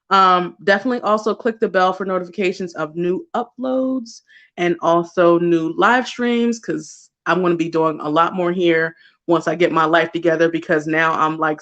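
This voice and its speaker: A woman's voice: medium pitch, fairly bright tone. A woman hosting a casual livestream, talking directly to the people watching. Her delivery is chatty and gushing, and laughter keeps breaking into her speech. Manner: talks to chat viewers directly. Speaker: livestream host.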